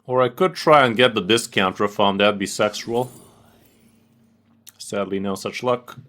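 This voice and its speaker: Low-voiced trash-talking gaming streamer man. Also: measured pace. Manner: excitable, trash-talking, profane. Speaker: game streamer. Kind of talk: casual gameplay commentary.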